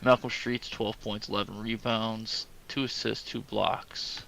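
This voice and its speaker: A man co-commentating a streamed video game basketball game, relaxed, reading out stats with filler words. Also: lowish voice, a little slow, vocal fry, slight background noise, rough recording. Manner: relaxed, reads stat lines with fillers. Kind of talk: casual sports commentary.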